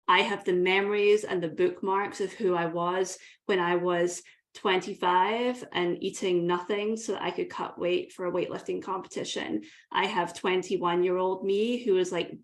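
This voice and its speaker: A Scottish woman in her thirties, a coach speaking as a podcast guest, telling her story in an earnest, reflective way. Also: medium pitch. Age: 30s. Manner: earnest, vivid, uses imagery.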